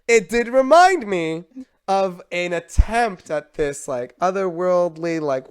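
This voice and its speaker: A man's voice: sits high, lively intonation, takes it slowly, smooth. A man co-hosting a podcast, chatting casually, telling stories and teasing his friends. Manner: storytelling, playful, teasing. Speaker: podcast co-host. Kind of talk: casual chat.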